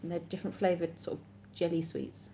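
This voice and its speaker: A woman's voice: fairly low pitch, little pitch movement, fairly quick, dark tone, slight background noise. An English woman hosting a casual live stream, chatting and reading viewer comments aloud with frequent laughs. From England.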